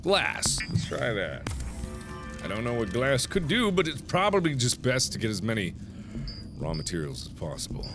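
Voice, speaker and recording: A man's voice: mid-range voice, wildly swooping pitch, normal speed. A man commentating his own gameplay, nervous and easily startled, with panicky exclamations and nervous laughs. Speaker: let's play host. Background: game music.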